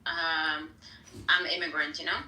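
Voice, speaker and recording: A woman's voice: sits low, little pitch movement, measured pace, bright, forceful tone, a little hiss or hum. A woman with a Dutch accent who grew up speaking Tigrinya, chatting casually and hesitating as she searches for words. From Netherlands. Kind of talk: casual group chat. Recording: roomy, distant mic.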